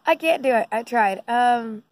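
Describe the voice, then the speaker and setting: A woman's voice: a little high, a little slow, no echo, poor audio. A woman talking casually to her phone at night, rambling and giggling with lots of fillers. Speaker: vlogger. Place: indoors at night.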